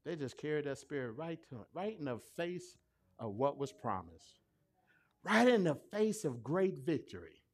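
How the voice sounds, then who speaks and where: A man, preaching a sermon that swings from quiet asides to loud, rising peaks. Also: fairly high pitch, big pitch swings, measured pace.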